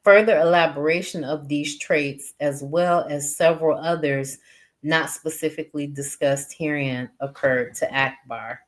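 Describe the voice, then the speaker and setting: A woman with a low voice reads a text aloud slowly, pausing between phrases and adding her own comments as she goes. Her delivery is unhurried and deliberate. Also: fairly even intonation. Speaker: reader and teacher.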